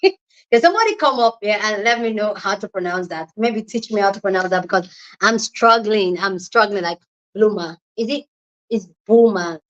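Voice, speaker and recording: A woman's voice: medium pitch, moderate pace, a bit bright, highs cut off. A young woman from southern Nigeria with a Nigerian accent tinged by Delta pidgin, chatting casually with viewers on a livestream and greeting them by name. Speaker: livestream host. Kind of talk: casual live chat with viewers. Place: indoors at home.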